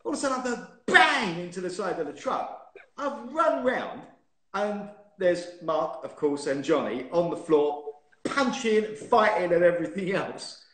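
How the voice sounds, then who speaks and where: Speaking unhurriedly in a fairly high voice, this man in his fifties, once a racing driver, chats casually as a live-stream guest. He's a lively storyteller who laughs and teases, heard through a phone or laptop mic in an echoey room.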